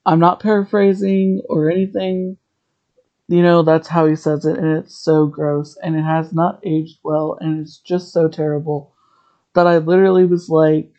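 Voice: mid-range voice, little pitch movement, moderate pace, mellow, lo-fi sound. A podcast host recapping a TV episode in a chatty, rambling way, drifting into tangents.

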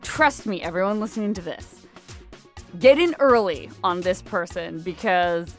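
A woman's voice: lowish voice, measured pace, faint music behind. Mock-exasperated woman co-hosting a podcast. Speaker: podcast co-host. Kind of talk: casual chat.

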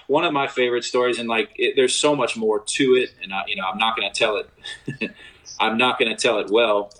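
A young man tells stories from his college baseball days in a loose, casual chat. His voice sits at an ordinary middle pitch. He jumps up sharply in pitch whenever he acts out what someone said. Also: fairly quick, rough recording. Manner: animated storyteller, acts out quotes with big pitch jumps. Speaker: former college baseball catcher telling stories.

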